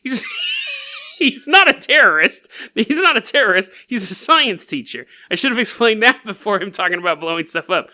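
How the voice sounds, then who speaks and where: A man hosting a podcast, telling a strange story in a playful, jokey way with quick asides. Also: high-pitched, lively intonation, bright, forceful tone. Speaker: podcast host. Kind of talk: casual comedic storytelling.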